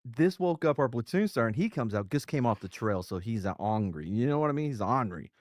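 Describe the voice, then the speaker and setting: Animated, profane male war storyteller. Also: mid-range voice, fairly quick, no echo, clean studio sound. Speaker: co-host, veteran. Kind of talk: casual storytelling chat.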